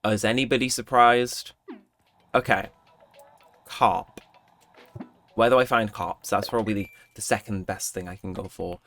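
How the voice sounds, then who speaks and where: A young man casually commenting on his gameplay, chatty and joking, now and then jumping into high-pitched exclamations. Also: steady tone, unhurried, long pauses, a bit bright. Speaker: gaming channel host. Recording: game music playing behind. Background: game music.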